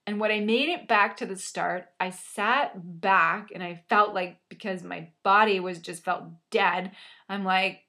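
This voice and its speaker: This storyteller shares a personal tale in a medium-pitched, sharp-toned voice, laying on self-mocking drama and a bit of mild swearing.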